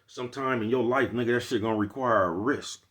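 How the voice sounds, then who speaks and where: A man's voice: medium pitch, fairly quick, fairly bright tone. A man with an African American Vernacular English accent, talking in a loose, slangy, preachy monologue to his viewers. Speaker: vlogger. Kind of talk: casual street monologue.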